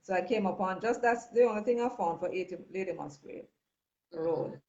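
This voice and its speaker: A Jamaican woman talks as a guest and stops often to restart her sentences. Her voice sits at a middle pitch. The line sounds dull and lo-fi. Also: normal speed, darkish tone. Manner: hesitant, restarts and fillers while explaining. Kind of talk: phone-in discussion.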